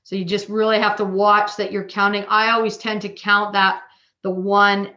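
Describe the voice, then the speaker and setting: A woman with a Canadian accent teaching a drumming workshop online, chatty and casual, counting beats out loud. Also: medium pitch, little pitch movement, normal speed, dull audio.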